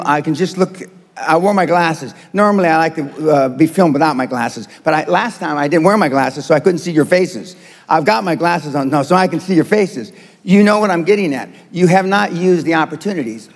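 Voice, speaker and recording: Gravelly older man lecturing bluntly. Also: on the high side, long reverb tail. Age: 70s. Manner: blunt, provocative, with many fillers. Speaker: motivational speaker. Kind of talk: speech to a live audience.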